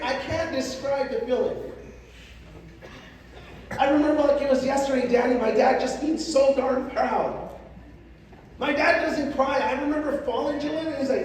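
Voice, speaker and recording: High-voiced man booming in an echoey hall. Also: moderate pace, pauses often, a little mellow, a little hiss or hum. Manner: emphatic, calls on the crowd to repeat lines. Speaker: motivational speaker. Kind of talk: motivational stage speech. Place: large hall with an audience. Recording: echoey hall, distant mic, crowd.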